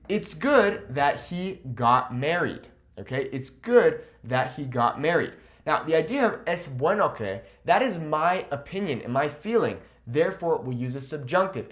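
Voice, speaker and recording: Animated man teaching a language lesson. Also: mid-range voice. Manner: animated, stretches out example words slowly. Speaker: Spanish teacher. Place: lives in Mexico.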